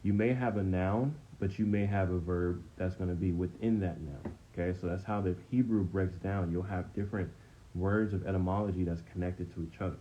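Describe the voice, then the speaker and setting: Deep-voiced man teaching a casual Bible study. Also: fairly even intonation, brisk. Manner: conversational, frequent "okay?" check-ins, repeats himself. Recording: dull, slightly lo-fi sound with faint noise.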